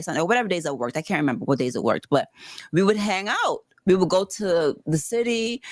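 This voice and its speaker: A woman from the Bronx, a podcast guest telling a personal story in casual talk, animated and swearing freely. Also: on the low side, dry recording. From the Bronx, New York.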